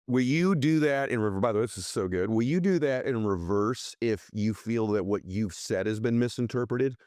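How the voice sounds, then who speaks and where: A man's voice: mid-range voice, moderate pace, darkish tone, no room sound, studio quality. A man hosting a podcast, asking his guest questions and speaking to his listeners with candid enthusiasm. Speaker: podcast host. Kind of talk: interview questions and commentary.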